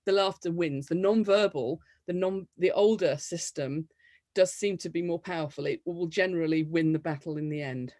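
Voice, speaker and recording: A woman from the United Kingdom giving an academic lecture, explaining things in a lively way. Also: on the low side, normal speed, dry recording.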